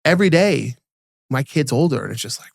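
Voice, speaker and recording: A man co-hosting a casual podcast, telling stories animatedly and acting out quotes in a higher voice, often repeating and restarting words. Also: animated, brisk, gravelly, no room sound, clean studio sound. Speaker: podcast co-host.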